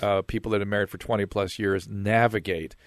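A man's voice: lowish voice, flat delivery, a little fast, dry recording, studio quality. A man co-hosting a radio show, chatting casually and retelling stories with laughter. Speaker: radio co-host. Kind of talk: casual talk.

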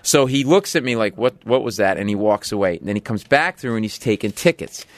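A man appearing as a podcast guest, telling a story in a blunt, profane, animated way and acting out the lines of the people in it. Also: a little fast, no echo. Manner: blunt, profane, jumps into loud high acted quotes. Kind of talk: animated storytelling in casual chat.

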